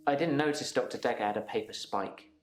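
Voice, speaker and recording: An actor playing a subdued, regretful patient in a video game, with acted dialogue. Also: male voice, mid-range voice, fast talker, echoey room, a little hiss or hum, lightly acted.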